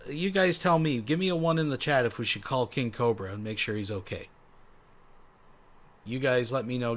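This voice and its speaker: A man's voice: medium pitch, a bit bright. A man hosting a livestream, speaking in a mock-serious, chatty way to his viewers. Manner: mock-serious, repeats "folks". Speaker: livestream host. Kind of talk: casual commentary.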